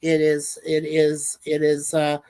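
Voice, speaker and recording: A woman hosting a casual livestream, speaking earnestly and warmly to her viewers and reading out their comments. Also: deep voice, monotone, slow. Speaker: livestream host.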